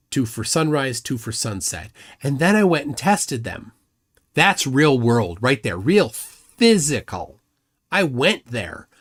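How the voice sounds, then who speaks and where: A livestream host with a medium-pitched, husky voice argues combatively. He mocks his opponent while reading chat comments aloud.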